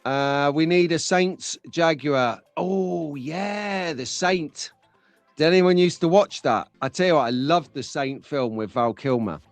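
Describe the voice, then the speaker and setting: A man's voice: fairly high pitch, unhurried, dry recording, faint music behind. A man hosting a casual live stream, chatty and jokey, talking to viewers by name.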